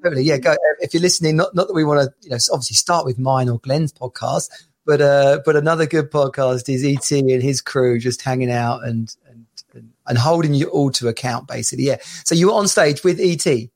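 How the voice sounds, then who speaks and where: A man's voice: mid-range voice, a little fast. A man hosting a podcast, asking questions in a conversational, hesitant way with many fillers. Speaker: podcast host. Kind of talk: casual interview.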